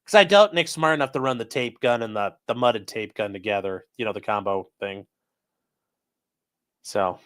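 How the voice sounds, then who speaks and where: A man's voice: fairly low pitch, normal speed, fairly bright tone, clear, resonant tone. A man hosting his channel, mocking a court filing in profane, incredulous commentary and talking to his live chat. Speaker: channel host.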